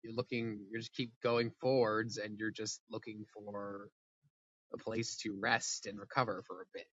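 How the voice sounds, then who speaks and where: A man's voice: lowish voice, little pitch movement, moderate pace, a bit bright, no echo, lo-fi sound. A man co-hosting a podcast, rambling in a laid-back casual chat and laughing easily. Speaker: podcast co-host.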